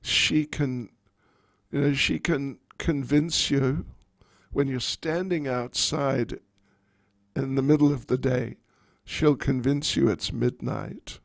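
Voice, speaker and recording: Gravelly-voiced man telling a sermon story. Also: medium pitch, slow, dry recording. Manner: animated, playful storytelling. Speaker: monk giving a talk.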